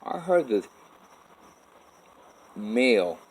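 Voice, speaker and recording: A man's voice: mid-range voice, big pitch swings, drawn-out words, breathy edge, rough recording. A man telling a personal story in a rambling, profane way, full of restarts. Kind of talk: personal story told to camera.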